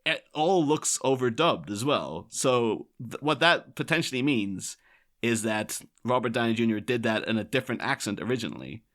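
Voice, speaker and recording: Lively, bright-voiced man chatting. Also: mid-range voice, normal speed. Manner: chatty, laughing often, rambling asides. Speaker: podcast co-host. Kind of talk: casual chat.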